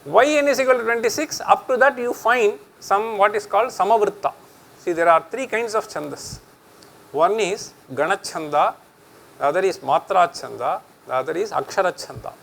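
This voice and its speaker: A man's voice: sits high, animated, moderate pace, vocal fry, a bit bright, low-quality recording. A middle-aged man with an Indian accent giving a chatty public lecture, switching between English and Hindi and laughing often.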